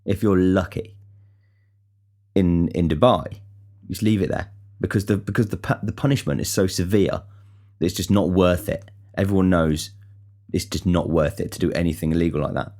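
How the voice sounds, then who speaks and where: A man's voice: low voice, normal speed, a little mellow. A young man from the talks. He rambles through casual stories, swears freely and stumbles into frequent restarts. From England. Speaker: podcast host. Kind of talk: casual storytelling monologue.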